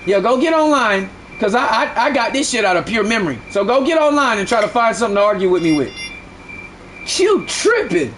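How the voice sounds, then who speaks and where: A man's voice: high voice, big pitch swings, a little fast, a bit bright, a little hiss or hum. A man streaming live who argues heatedly with his chat, repeating himself and swearing a lot. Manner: heated, repetitive, profane arguing.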